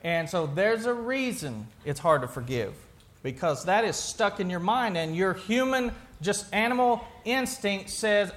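High-voiced pastor preaching conversationally. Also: male voice, lively intonation, moderate pace, a bit bright. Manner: conversational, asks the congregation questions, restarts sentences. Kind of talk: sermon.

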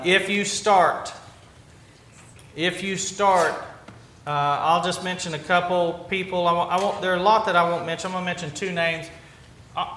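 Bright high-voiced pastor in an echoey church. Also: male voice, slight background noise. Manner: conversational, halting with restarts and fillers. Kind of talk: sermon. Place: church sanctuary. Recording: roomy church echo, faint ambience.

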